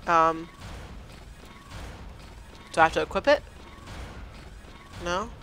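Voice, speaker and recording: Male let's-player, high and slow, hesitant self-talk over gameplay. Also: bright, forceful tone, slight background noise. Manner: hesitant, muttering to himself while figuring out controls. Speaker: gameplay commentator. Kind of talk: let's play commentary.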